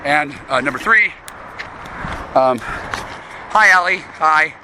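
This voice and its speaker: Walking along a town street, a man rambles and swears constantly to an unseen listener he calls sweetie. His voice is on the high side and animated, at a slow pace. Loud street and traffic noise fills the recording.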